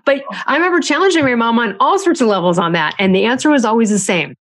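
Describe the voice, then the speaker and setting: A woman author giving parenting advice in casual podcast talk. She is chatty and animated and acts out quoted lines with jumps in pitch. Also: fast talker.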